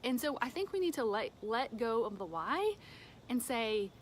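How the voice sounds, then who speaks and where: A woman giving an informal devotional talk from home, conversational, with fillers and soft laughs. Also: fairly high pitch, big pitch swings, normal speed, a little hiss or hum. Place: home with a dog nearby.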